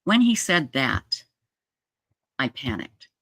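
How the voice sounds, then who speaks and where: Her voice rumbling low but fairly bright, this Utah woman in her sixties speaks slowly and very animatedly as she tells a long personal story on her livestream, chatty, rambling, and full of restarts. The streaming setup mic yields clean studio sound with no echo.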